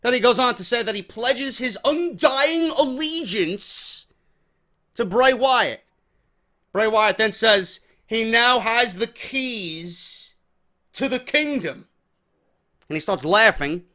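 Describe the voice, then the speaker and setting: A man's voice: very high-pitched, slow. Profane, fired-up man recapping wrestling. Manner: profane, animated, opinionated. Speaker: wrestling review vlogger. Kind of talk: casual show recap rant. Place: home.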